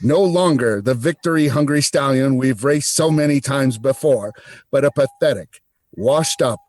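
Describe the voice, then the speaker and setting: A man's voice: mid-range voice, moderate pace, a little mellow. A man doing an old-timey radio announcer. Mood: mock-dramatic. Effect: metal-cup megaphone-like radio sound. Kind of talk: podcast banter.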